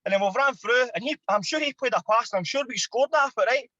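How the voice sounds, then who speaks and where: A Scottish man in his thirties, a former footballer and podcast guest, telling an animated, sweary anecdote. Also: very high voice, quick pace, no room sound, dull audio. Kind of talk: casual storytelling.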